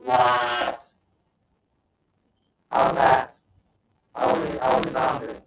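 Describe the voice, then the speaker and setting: A man with a mid-range, level, slightly bright voice and some vocal fry hosts a laid-back livestream at a slow pace, joking and reading silly tweets aloud while apologizing for his poor audio. The home-stream mic sounds roomy, muffled, and distant, with faint background noise.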